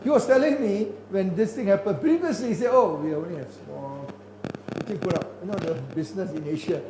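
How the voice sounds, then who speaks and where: An older man delivers a keynote in a high, carrying voice. He speaks emphatically, restarting phrases and pressing his points home. The recording is roomy and echoey, with a faint ambient hum. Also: fairly quick, a little mellow. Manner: emphatic, repeats and restarts words, rising indignation. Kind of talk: conference keynote lecture.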